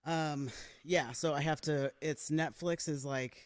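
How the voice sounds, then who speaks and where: Male guest, slightly higher voice, dry close sound, laughs easily. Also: steady tone, no echo. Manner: laughs easily, quick asides. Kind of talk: casual chat.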